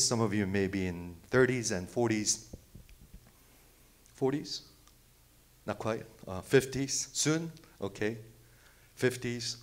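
Man preaching, loud then hushed. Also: on the low side. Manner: swings from loud exclamations to hushed near-whispers; rhetorical questions, repeats phrases. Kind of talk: sermon.

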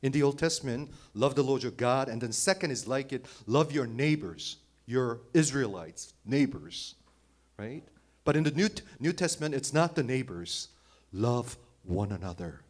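A man preaching a sermon as pastor, shifting from loud emphasis to soft, hushed phrases, with small slips in his phrasing. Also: medium pitch, lively intonation, measured pace. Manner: dynamic, swings between loud emphasis and hushed near-whisper.

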